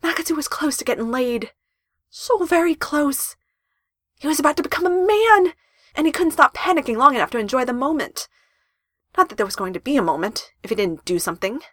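A woman reading a story aloud in an expressive narration style with emphatic rises. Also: high-pitched, brisk, dry recording, clean studio sound.

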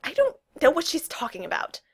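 A woman's voice: on the high side, big pitch swings, a little slow, a bit bright, husky, voice pushed up, heavily acted. A woman voicing a flustered, evasive young woman knight in a storybook reading. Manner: defensive, pleading.

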